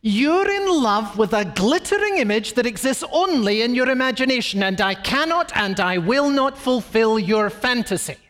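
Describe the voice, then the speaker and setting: An insulted, proud young woman speaks up firmly and indignantly, as a preacher puts her on in a voice pitched well above his own. The words ring out with a long reverb from a large hall. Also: animated, normal speed, hardly any pauses, a bit bright.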